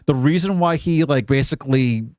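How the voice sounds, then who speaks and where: A man streaming as a VTuber, giving casual commentary in a rambling, profane, emotionally animated way. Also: mid-range voice, normal speed, no echo, clean studio sound.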